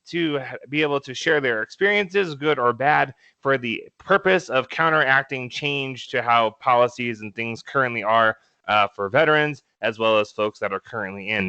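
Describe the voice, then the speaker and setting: With a mid-range voice and a sharp tone, a young man co-hosts a podcast and tells stories in a relaxed way. Laughter, fillers and restarts run throughout. The audio has no echo, though the highs are cut off.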